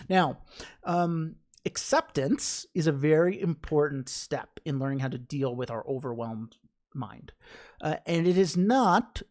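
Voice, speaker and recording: A woman with a notably low voice teaches a mindfulness class. She talks casually and chattily, laughs easily and slips into little acted inner voices to make her points. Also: darkish tone. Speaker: meditation teacher.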